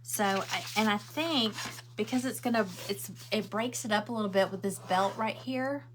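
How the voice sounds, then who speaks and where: A woman's voice: medium pitch, moderate pace, noisy background. A middle-aged woman chats and rambles, answering viewer comments while she crafts at home. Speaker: craft livestream host. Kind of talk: casual chat while crafting.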